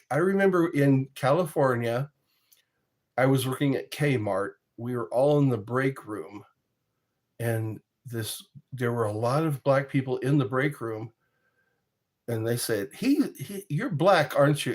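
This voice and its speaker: A man's voice: mid-range voice, unhurried, a little mellow. A man telling rambling, casual stories in a vlog, often chuckling and breaking off mid-sentence. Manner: rambling, chuckling, self-interrupting. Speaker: vlogger. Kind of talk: casual storytelling monologue.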